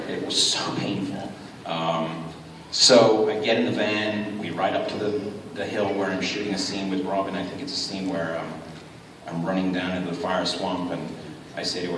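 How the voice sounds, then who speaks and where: A man telling a lively anecdote to a convention audience and acting out the voices of the people in his story. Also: low voice, moderate pace, very noisy. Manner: acts out quoted dialogue, frequent restarts. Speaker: guest speaker at a fan convention panel. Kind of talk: animated anecdote told to a live audience. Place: large convention hall. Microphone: fan camera far from the stage. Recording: roomy hall reverb heard from far off, loud ambience.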